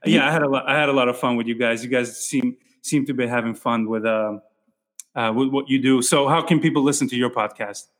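A man hosting a podcast in a relaxed, casual chat, often calling his guest "man" and "dude". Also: medium pitch, a little fast. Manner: laid-back, calls the guest "man" and "dude". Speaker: podcast host.

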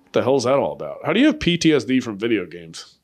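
A young man riffs through a loose comedy podcast, swearing freely and stopping to laugh at his own jokes. His voice is mid-pitched but swings widely from line to line, restless and animated. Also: quick pace. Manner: rambling, profane, laughs often. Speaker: podcast host. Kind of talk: crude comedic podcast banter.

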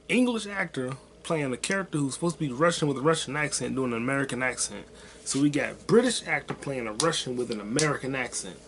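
A man's voice: mid-range voice, a bit bright, a little hiss or hum. Rambling, profane male podcast host. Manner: rambling, profane, offhand and self-deprecating. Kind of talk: casual solo podcast rant.

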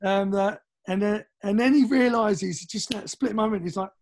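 A middle-aged East Londoner with a London accent tells anecdotes as a podcast guest, speaking in a high voice at a moderate pace with hardly any pauses. He's animated, swears casually, and acts out the voices of people in his stories.

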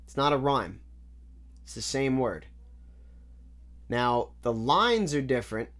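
A man's voice: mid-range voice, expressive, unhurried, pauses often, a bit bright. Guy going over rap bars one by one, picky, keeps circling back and restarting. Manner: analytical, repeats points, restarts often. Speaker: music reviewer. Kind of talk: casual breakdown of rap lyrics.

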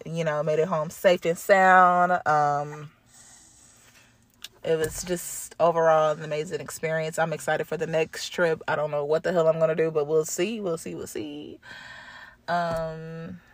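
A woman's voice: deep voice, little pitch movement, unhurried, no room sound. A woman hosting her own podcast, telling a travel story in a chatty, slangy way, swearing and laughing often. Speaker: podcast host. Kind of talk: casual spoken travel update.

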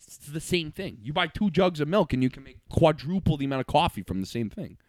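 A young man on a casual podcast, cracking crude jokes and swearing with a lively, swinging voice. He sits a little higher than most men, in a dry room with little echo. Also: fast. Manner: loose, joking, swears freely, laughs often. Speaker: podcast co-host.

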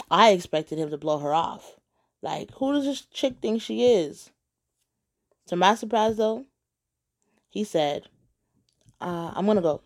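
A woman tells a personal story straight to the camera, candid and blunt, cutting in with sharp rhetorical asides. Her voice sits a little low. The tone is mellow and warm, never bright. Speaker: vlogger. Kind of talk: storytime narration.

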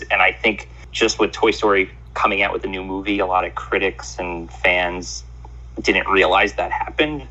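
A man co-hosting a casual chat, telling joking, animated stories over lo-fi remote audio. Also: low-pitched, normal speed. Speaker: podcast co-host.

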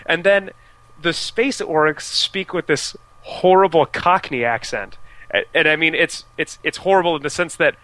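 Bright-voiced American man chatting about games. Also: fairly high pitch, measured pace, poor audio. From United States. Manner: chatty, frequent restarts and fillers. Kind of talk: casual video game discussion.

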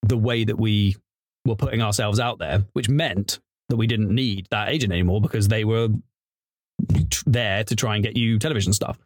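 This casual interview features an improv comedian guest, a man who chats and rambles, breaking into restarts and laughter. His voice is on the low side and moderately paced. The studio sound is clean, with no echo.

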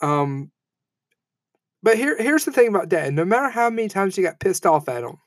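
A man in his thirties giving a heartfelt eulogy, halting and emotional, with frequent fillers and restarts. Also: high voice, very animated, no echo. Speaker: eulogy speaker. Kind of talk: personal eulogy speech.

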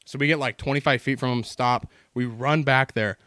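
A man's voice: mid-range voice, fairly even intonation, normal speed, bright, forceful tone, no echo, studio quality. A man telling long, rambling stories in casual podcast chat, swearing constantly as he goes.

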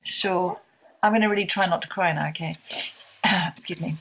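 A woman author, speaking softly and haltingly as a guest in an emotional interview conversation. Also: lowish voice, steady tone. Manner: soft-spoken, halting with many restarts.

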